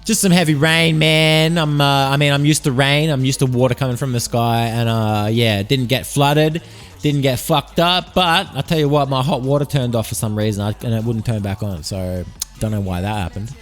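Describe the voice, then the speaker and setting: A man's voice: mid-range voice, fairly even intonation, normal speed, faint music behind. A man hosting a solo podcast, joking and meandering as he swears freely through tall tales. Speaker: podcast host. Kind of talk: rambling solo podcast monologue.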